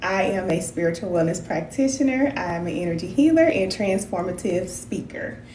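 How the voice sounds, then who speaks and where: A woman, a spiritual wellness practitioner hosting a casual live stream, talking in a folksy, animated way and calling her viewers cousins. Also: fairly low pitch, normal speed, roomy sound, slight background noise.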